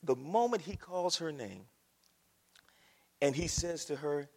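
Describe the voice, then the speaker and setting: Impassioned high-voiced preacher in reverberant hall. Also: male voice, animated, slow pace, gravelly, slightly rough. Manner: impassioned, swinging from soft hush to shouting. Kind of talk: sermon.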